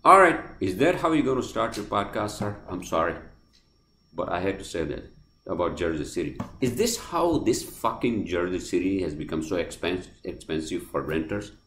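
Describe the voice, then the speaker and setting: A man's voice: deep voice, expressive, moderate pace, fairly bright tone, a little hiss or hum. A man with a non-native accent hosting a podcast, ranting in a heated, profane way and repeating himself. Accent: non-native accent of English. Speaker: podcast host. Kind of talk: casual monologue rant. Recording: roomy echoey room.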